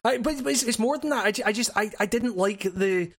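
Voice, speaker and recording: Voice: mid-range voice, brisk. A podcast co-host in casual gaming chat, talking hesitantly with stammering restarts and casual swearing.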